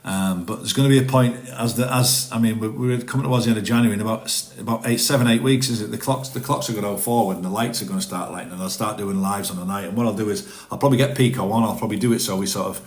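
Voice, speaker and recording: Man, casual live-stream chat, low voice, rambling, self-deprecating, roomy sound. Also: rapid-fire, hardly any pauses. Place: his home, indoors.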